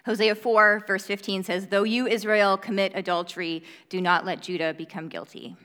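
A woman's voice: medium pitch, brisk, bright, forceful tone. A young woman, a mother, giving an earnest, conversational Bible teaching with casual fillers. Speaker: preacher. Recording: reverberant hall.

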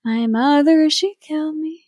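A woman voicing a ghostly singing bird, the spirit of a murdered little boy, in a slow sing-song chant. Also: sits high, darkish tone, no room sound, lo-fi sound, voice pushed up. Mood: eerie sing-song.

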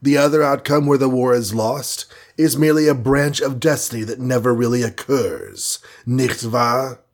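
A man's voice: medium pitch, fairly even intonation, moderate pace, voice pushed up, natural voice. A man reading a storybook and voicing a scheming alien villain from the future, condescending and bland, sprinkling in foreign words. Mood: lecturing. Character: sneering scheming male alien time-traveler villain.

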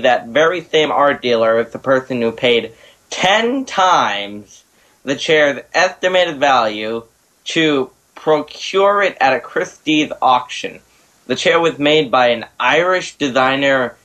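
A man's voice: mid-range voice, fairly bright tone, poor audio. A man hosting a casual chat show, reading out facts with stumbles and laughing easily. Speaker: podcast host.

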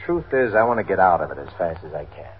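A frank, weary police lieutenant. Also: male voice, sits low, sing-song, fast talker, breathy edge, full character voice. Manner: earnest, plain-spoken, a little weary. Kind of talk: 1950s radio drama acting. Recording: tinny old radio broadcast.

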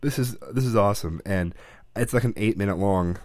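A man's voice: on the low side, brisk, dry recording. A man in his thirties, a father and podcast co-host, telling a family story in casual chat and acting out the quotes. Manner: animated storyteller, acts out quotes.

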